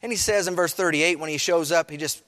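A man preaching a sermon to his congregation, swinging between quiet, low passages and raised, emphatic ones. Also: quick pace, long reverb tail. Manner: preaching, rising and falling with emphasis, addresses the congregation. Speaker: pastor.

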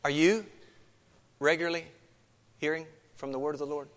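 A man's voice: fairly high pitch, steady tone, moderate pace, a bit bright, big-room sound. A man preaching a sermon as pastor, earnest, with many rhetorical questions.

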